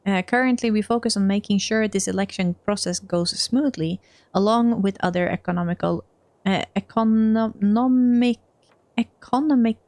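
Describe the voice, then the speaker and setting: A tough, sly orc woman working as a trade agent, dry and teasing. A Swedish woman reads her lines aloud from a game, stumbling over a word now and then. Her pitch sits in a plain middle range. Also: normal speed, darkish tone, no echo, lightly acted. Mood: matter-of-fact. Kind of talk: reading game dialogue aloud.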